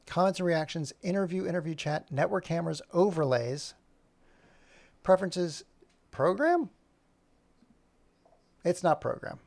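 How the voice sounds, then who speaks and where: Gravelly man rambling on a live stream. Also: fairly high pitch, animated, measured pace, pauses often, no room sound. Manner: rambling, thinking aloud while fumbling with software; jokey and self-mocking. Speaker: animator streaming his work. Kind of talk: casual live-stream chat.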